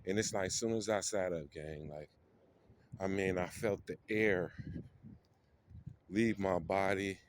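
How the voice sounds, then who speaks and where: A man with a fairly low voice speaks very slowly, teary-eyed and raw, circling back over his own words. He films on his phone while walking outdoors. Traffic noise runs clearly behind him. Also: low-quality recording. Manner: slow, emotional, repeats phrases, street slang. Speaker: vlogger. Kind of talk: walking vlog, personal storytelling. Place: outdoors on a city street, walking. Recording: outdoor street noise, passing cars.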